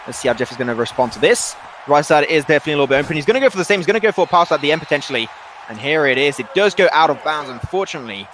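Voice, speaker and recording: A man's voice: a little high, lively intonation, racing, a bit bright, slight background noise. A man doing rambling, self-correcting play-by-play commentary on an esports match.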